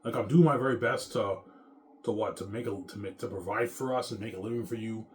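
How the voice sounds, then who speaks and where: Fast-talking man in a profane rant. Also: on the low side, a little hiss or hum. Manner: rambling, profane, bitter ranting. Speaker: vlogger. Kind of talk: casual rant to camera.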